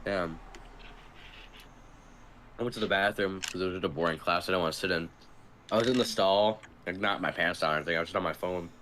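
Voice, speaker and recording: Young guy, lowish voice, rambling laughing storyteller, noisy mic hiss. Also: a little fast, long pauses, a bit bright. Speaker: podcast co-host. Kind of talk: casual chat.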